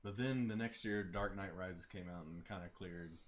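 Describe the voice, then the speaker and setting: A man in his twenties making relaxed points in a casual film debate, often trailing off. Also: sits low, normal speed, slight background noise. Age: 20s.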